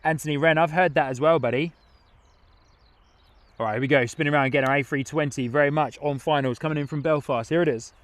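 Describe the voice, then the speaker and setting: A man's voice: a little high, fairly even intonation, fast talker, no room sound. A young man casually hosting a live stream outdoors at an airport, reading viewer comments aloud and laughing often. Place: outdoors at an airport viewing spot.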